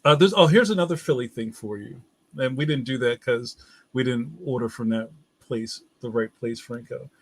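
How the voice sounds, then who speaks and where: A man's voice: medium pitch, normal speed, husky. A man speaking as a guest in a casual chat, talking in a loose, chatty way and putting on voices in his anecdotes.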